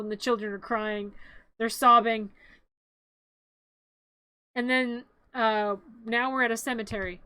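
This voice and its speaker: High, bright woman streamer joking along. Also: moderate pace, pauses often, clear, resonant tone, dry recording. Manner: animated, rambling play-by-play with jokes. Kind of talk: casual live stream retelling of a film.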